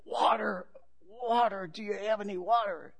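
A man's voice: high-pitched, fairly even intonation, normal speed, vocal fry, a bit bright, voice pushed up, exaggerated voice. A man putting on the voice of a parched stranded man crawling through the desert, pleading desperately.

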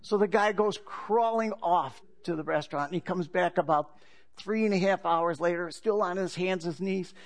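A man's voice: high-pitched, normal speed. Joking man opening a sermon. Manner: conversational storytelling with jokes. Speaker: pastor.

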